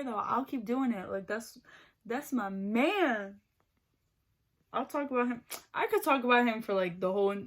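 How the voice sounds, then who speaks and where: Doing her makeup on camera, a young beauty vlogger rambles chattily about her boyfriend, with "like" all through her speech. Her voice has a medium pitch and a slightly bright tone.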